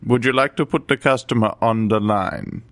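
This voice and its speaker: A man's voice: mid-range voice, normal speed. A man hosting a podcast, riffing in playful, mock-official comedy banter over a remote call. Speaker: podcast host.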